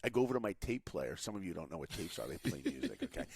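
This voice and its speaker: Sex: man. Role: podcast guest. Style: motivational storytelling. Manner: animated and expressive. Pitch: fairly low. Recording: dry studio mic. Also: fast, few pauses, slightly rough, dry recording. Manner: animated, acts out quotes.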